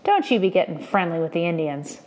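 A woman voicing a bullying adult male Indian Agent, menacing and mock-friendly, with a gravelly low voice. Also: sing-song, moderate pace, dark tone, heavily acted. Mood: harsh.

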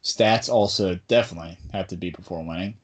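A man's voice: low voice, a little fast. A man hosting a casual sports podcast, talking in a rambling, bantering way. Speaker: podcast host.

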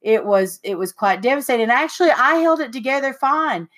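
A middle-aged woman hosting a casual chat podcast, telling stories with lively, acted-out quotes. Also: brisk. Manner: animated storyteller, acts out quotes with big pitch jumps. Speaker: podcast host.

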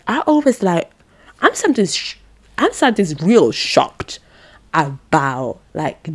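A young woman from Italy talks through her podcast in a casual, animated way, heavy on fillers and exasperated emphasis. Her voice sits low with a gravelly, creaky edge. The sound is dry and close, with no room echo. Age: young adult. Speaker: podcast host. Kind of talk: casual solo commentary.

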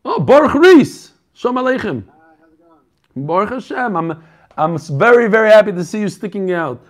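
A man's voice: sits high, very animated, normal speed. A man hosting an online learning group over a video call, chatting casually, joking and greeting people by name. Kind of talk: casual chat with group members.

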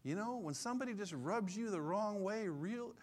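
A man in his sixties preaching a sermon in an animated, conversational way, repeating his key phrases. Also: sits high, normal speed. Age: 60s. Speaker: pastor.

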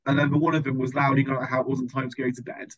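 A man's voice: medium pitch, level tone, rapid-fire. A man hosting a podcast, telling a sarcastic, exasperated, sweary story in casual chat. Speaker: podcast host. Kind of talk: casual chat, ranting anecdote. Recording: slightly dull lo-fi recording.

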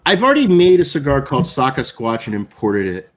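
A man answers questions as a guest on a live online talk show, with a steady middle-pitched voice. He tells long stories, slipping into other people's voices for their lines. His delivery is casual and conversational. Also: a little fast, slight background noise. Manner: storytelling, acting out others' quotes. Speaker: guest, cigar maker. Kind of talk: live interview anecdote.

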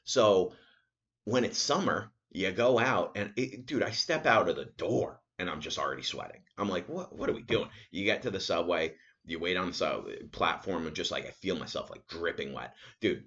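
With a low voice at normal speed and dull-sounding audio, a young New York area man runs a casual solo podcast. He rambles through profane stories, animatedly acting out other people's lines.

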